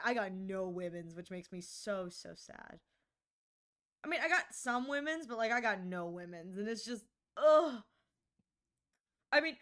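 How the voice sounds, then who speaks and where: A woman's voice: high-pitched, fairly bright tone. A young woman streamer chatting casually with viewers, rambling and giggly, often mocking herself.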